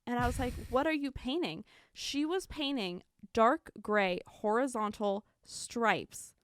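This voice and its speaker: A woman's voice: a little high, unhurried, clear, resonant tone, dry recording, clean studio sound. A young woman and lash artist who chats casually and animatedly, acting out the quotes in her story. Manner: animated, laughing, acts out quotes. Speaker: lash artist and podcast guest.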